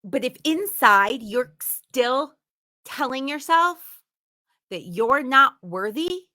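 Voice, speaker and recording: A woman's voice: high-pitched, expressive, slow pace, sharp tone. A woman giving a motivational teaching talk, speaking emphatically and repeating words for stress. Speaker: instructor.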